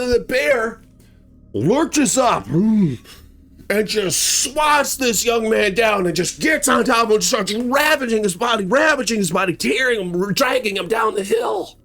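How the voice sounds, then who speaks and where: Horror channel host, male: a dramatic storyteller with a higher, swooping voice who acts out the violence. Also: animated, unhurried. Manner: dramatic, acts out the action with sound words and shouts. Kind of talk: animated retelling of a true bear attack.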